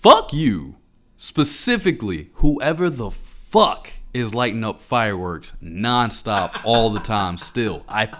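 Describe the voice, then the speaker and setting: A man co-hosting a podcast in casual chat, ranting with animated, profane energy. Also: on the low side, slow pace. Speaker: podcast co-host.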